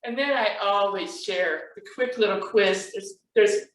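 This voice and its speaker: A woman who writes children's books, speaking in an animated storytelling manner about her work. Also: mid-range voice, measured pace. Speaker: children's book author. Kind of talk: author talk with a read-aloud. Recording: roomy sound from a distance.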